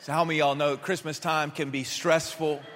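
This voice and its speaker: A male pastor giving a sermon, telling stories in a relaxed, conversational way with many fillers and restarts. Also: fairly high pitch, brisk, a little hiss or hum. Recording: long hall reverb.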